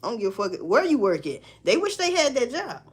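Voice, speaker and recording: A woman's voice: a little high, very animated, a little fast, noisy background. A woman talking bluntly and profanely to her viewers, preaching about work and faith in casual commentary. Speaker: social media commentator. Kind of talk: casual live-stream commentary.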